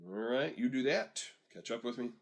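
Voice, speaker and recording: A man in a mid-range voice gives a screen-recorded software lesson. He talks steps through in an easy, conversational way and stops now and then to let learners follow along. It sounds like a desktop microphone. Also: medium pitch, lively intonation, moderate pace, creaky. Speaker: software instructor.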